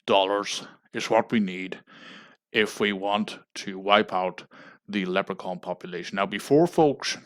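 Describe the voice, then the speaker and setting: An Irish man making a deadpan mock fundraising appeal on a livestream, pleading and tagging "folks" onto nearly every phrase. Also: on the low side, a little slow. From Ireland. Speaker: comedic livestreamer.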